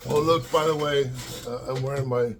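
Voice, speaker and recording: A man's voice: mid-range voice, steady tone, moderate pace, slight background noise. An older man from the Los Angeles area reminiscing at home in a rambling, casual way, with many fillers and restarts. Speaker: vlogger. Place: at home with his dogs.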